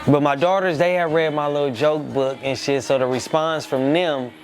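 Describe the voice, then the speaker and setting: A man's voice: on the high side, moderate pace, soft background music. A comedian being interviewed, telling his story in a laid-back, rambling way. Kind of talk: casual interview chat.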